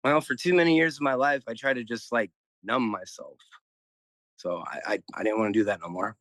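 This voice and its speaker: A man's voice: medium pitch, fairly quick, a bit bright, dry recording, low-quality recording. A man who is a guest musician, talking in a heartfelt, emotional way in a casual interview, often repeating words.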